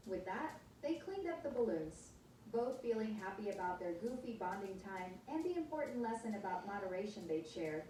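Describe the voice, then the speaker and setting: A woman's synthetic voice assistant telling a story as a scripted narration, in an even, upbeat, smooth delivery. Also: mid-range voice, normal speed, recorded from a distance, slight background noise. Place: room with a smart speaker. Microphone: speaker recorded from across the room. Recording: echoey room, smart speaker heard from afar.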